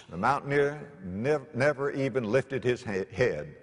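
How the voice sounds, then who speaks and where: Animated preacher in a reverberant sanctuary. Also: male voice, moderate pace, hardly any pauses. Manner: animated, dramatic swings in pitch and loudness. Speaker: pastor. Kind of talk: storytelling sermon. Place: church sanctuary. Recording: long reverb of a large church.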